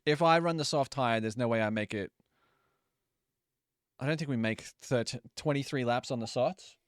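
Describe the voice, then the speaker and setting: A young man talking through a live racing game stream in a loose, chatty way, swearing freely and apologizing often. His mid-pitched voice sounds smooth and clean. The sound is close and dry, with no room around it. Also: moderate pace, no room sound. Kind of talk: casual live gameplay commentary.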